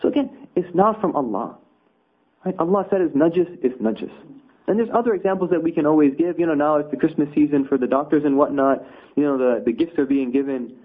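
Husky guy giving a chatty religious lesson, lots of "right?" asides, sounds like a phone recording. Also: on the high side, brisk. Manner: conversational, with rhetorical asides. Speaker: religious teacher. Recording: tinny phone-like audio.

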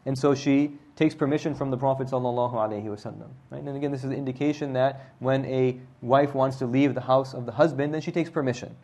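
A man teaching a religious lesson, retelling the story in a casual, conversational way and often checking in with listeners with a quick "right?". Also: mid-range voice, steady tone, darkish tone.

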